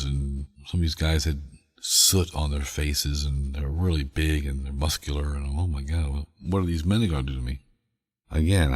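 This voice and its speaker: A man's voice: rumbling low, slightly rough, long reverb tail. A man hosting a sleep podcast, telling a story in a meandering way with chuckles. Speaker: podcast host.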